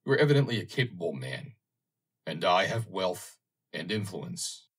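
Man reading as a trembling white-haired old gentleman. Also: sits low, sing-song, moderate pace, slightly rough, heavily acted. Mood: earnest. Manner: trembling, earnest.

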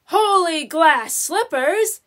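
A woman voicing an excitable nearsighted young princess in a storybook, exclaiming and lively. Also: very high-pitched, extremely slow, full character voice. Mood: excited.

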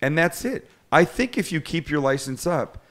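A man's voice: fairly high pitch, animated, normal speed, fairly bright tone. A middle-aged man hosting a cooking show, telling stories in casual chat. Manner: chatty storyteller, self-deprecating.

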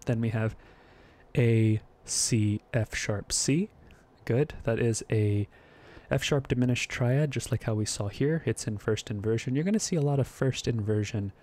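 A man's voice: medium pitch, unhurried, darkish tone. A young man teaching music theory in a casual, thinking-aloud way, hesitant, with many fillers and self-corrections.

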